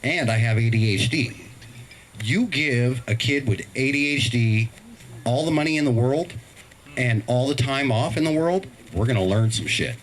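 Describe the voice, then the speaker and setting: A man's voice: mid-range voice, normal speed, rough recording. A middle-aged man telling stand-up stories about his kids on a live stream, acting out voices as he goes. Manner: animated storytelling, acts out voices. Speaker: stand-up comedian.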